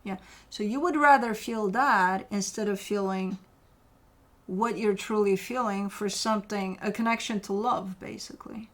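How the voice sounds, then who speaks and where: A woman's voice: mid-range voice, normal speed, a bit bright. Candid, swearing tarot reader woman. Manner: candid, swears freely, talks straight to the viewer; argues with imagined objections to make a point. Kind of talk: casual tarot reading to camera.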